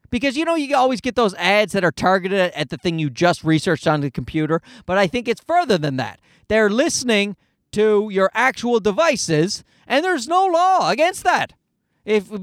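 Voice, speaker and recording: A man's voice: high voice, a bit bright, no echo, clean studio sound. A man from Canada hosting a podcast, ranting in a casual, profane, worked-up way. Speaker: podcast host. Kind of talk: casual solo rant.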